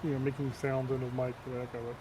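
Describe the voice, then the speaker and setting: A man's voice: medium pitch, monotone, racing, noisy background. A man chatting casually on a gaming stream, making dry, matter-of-fact remarks.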